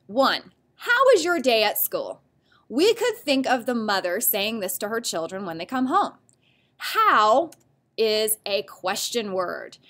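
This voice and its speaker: Female teacher with a fairly high, animated voice, walking students through a worksheet clearly and patiently. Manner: clear, patient, step-by-step explaining. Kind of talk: classroom grammar lesson.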